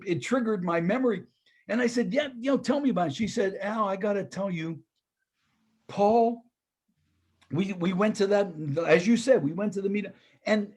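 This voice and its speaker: An older man presenting a talk, telling a story with lively, acted-out quoted dialogue and a husky voice. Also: sits high. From Pittsburgh, US.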